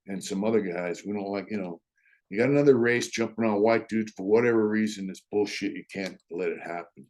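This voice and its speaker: A man's voice: fairly low pitch, a little fast, darkish tone. A middle-aged man casually telling stories from his years in prison, laid-back and full of "you know" and "uh", with blunt street slang and chuckles. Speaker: storyteller, former prisoner. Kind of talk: casual storytelling.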